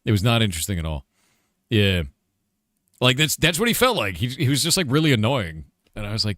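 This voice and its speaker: A man's voice: medium pitch, sing-song, fast talker, fairly bright tone, no room sound, studio quality. A man who is a game developer, chatting casually on a livestream Q&A, blunt and profane, with lots of filler words.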